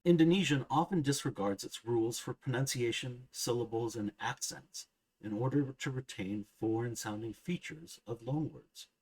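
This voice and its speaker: A man narrating a scripted grammar lesson, measured and precise, slowly sounding out each example word. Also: medium pitch, husky, poor audio. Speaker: language teacher.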